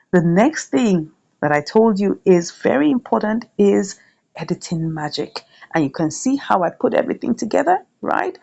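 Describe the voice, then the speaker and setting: A woman's voice: mid-range voice, gravelly, darkish tone, husky, lo-fi sound. A woman hosting a chatty screen-share tutorial, often checking in with "right?". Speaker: YouTube tutorial host.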